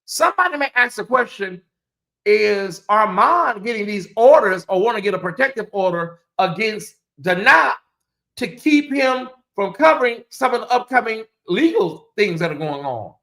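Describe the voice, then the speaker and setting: A livestream host giving live gossip commentary in a blunt, profane, animated way, with big swings in pitch. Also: moderate pace.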